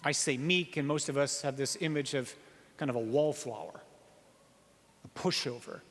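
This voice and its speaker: A priest giving an earnest sermon, slowing down on key phrases and asking the listeners rhetorical questions. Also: male voice, medium pitch, fairly bright tone. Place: church. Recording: reverberant church hall.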